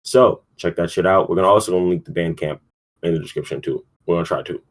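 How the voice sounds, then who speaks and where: Casual male podcast host with a deep voice, rambling, sleepy, swears a lot. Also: fast talker. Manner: rambling, profane, lots of fillers. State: yawning, sleepy. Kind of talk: casual sports talk.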